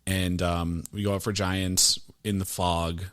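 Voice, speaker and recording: A man from New Jersey hosting a podcast, telling fishing stories in a relaxed way, full of fillers and acted-out quotes. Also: sits low, measured pace, smooth, no room sound, studio quality. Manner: relaxed, filler-heavy, acts out quoted lines. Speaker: podcast host. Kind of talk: casual fishing storytelling.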